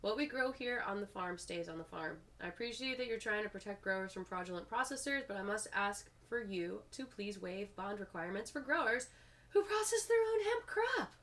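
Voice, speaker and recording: A woman's voice: mid-range voice, fairly quick, hardly any pauses, sharp tone. A woman hosting a video, reading public comments aloud and breaking off with frustrated asides of her own.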